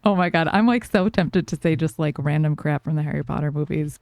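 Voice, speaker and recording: Woman, New York accent, streamer, gravelly, casual filler-heavy chat. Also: sits low, fairly quick, darkish tone, no echo. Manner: chatty, loose, filler-heavy, laughs easily.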